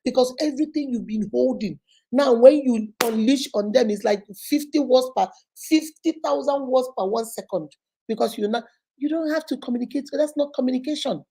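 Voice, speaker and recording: A woman's voice: sits high, a little fast, dark tone, breathy edge. A Nigerian woman hosting a show, giving marriage advice in a sarcastic, preachy way and acting out quotes. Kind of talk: animated advice talk to camera.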